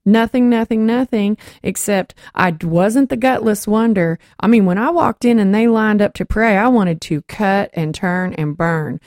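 A woman with a drawl hosts a Christian talk program and shares a testimony in a lively, storytelling manner. She slips into the voices of the people she quotes as the story unfolds. Her voice sits in a middle range and is recorded dry and close, with no room sound. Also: mid-range voice, normal speed, few pauses, no room sound. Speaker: host of a Christian talk show.

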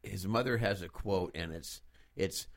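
Hesitant male interviewer with a lowish voice. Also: unhurried, gravelly. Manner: hesitant, with fillers and restarts. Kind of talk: interview questions.

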